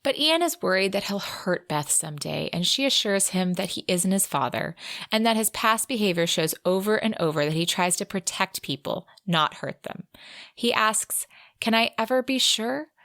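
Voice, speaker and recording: A woman co-hosting a casual book recap podcast, briskly summarizing the plot and reading quotes aloud. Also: lowish voice, lively intonation, a bit bright, dry recording, clean studio sound. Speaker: podcast co-host.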